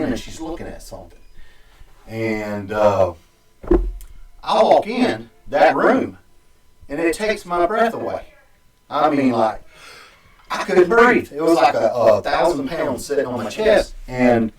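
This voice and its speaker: A man hosting a podcast, telling a story in a rambling, halting way, full of restarts and fillers. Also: medium pitch, background noise. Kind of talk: casual storytelling. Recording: echoey room, distant mic.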